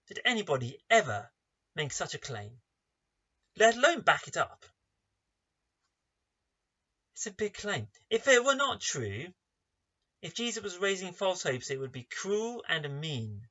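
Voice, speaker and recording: Animated preacher, bright voice. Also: male voice, high voice, measured pace, long pauses. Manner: emphatic, asks many rhetorical questions. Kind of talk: sermon. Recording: dull lo-fi online service recording.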